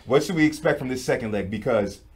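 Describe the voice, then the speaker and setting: A man co-hosting a sports show who leads the football chat in a relaxed, joking way and reads out viewer comments. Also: mid-range voice, fast, breathy edge. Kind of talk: casual football talk.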